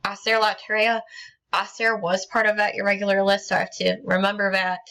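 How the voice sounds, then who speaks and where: A woman's voice: mid-range voice, little pitch movement, fairly quick, pushed and bright. A woman teacher explaining grammar step by step in a recorded lesson, with frequent ums and small restarts. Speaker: Spanish teacher.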